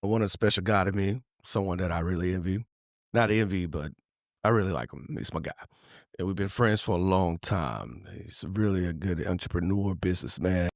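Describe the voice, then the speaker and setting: A man's voice: sits low, fairly quick, gravelly, no room sound, clean studio sound. A man hosting a podcast interview, talking in a loose, slangy, rambling way with many fillers. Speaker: podcast host. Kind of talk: casual interview chat.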